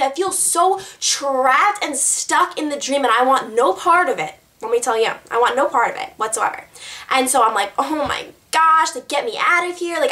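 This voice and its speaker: A woman's voice: a little high, fairly bright tone. A young woman chatting to camera in a rambling, giggly way, answering tag questions. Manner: bubbly, rambling, giggly, lots of "like". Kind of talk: casual chat to camera.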